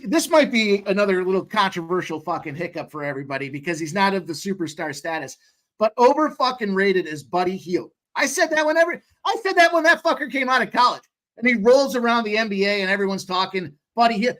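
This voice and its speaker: A man co-hosting a live betting stream, telling quick, profane stories in casual chat. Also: high voice, animated, a bit bright.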